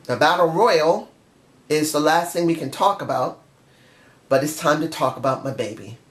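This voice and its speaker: A man's voice: fairly high pitch, normal speed. A man giving an emotional, passionate review in a casual monologue straight to his viewers. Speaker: wrestling show reviewer. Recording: echoey room.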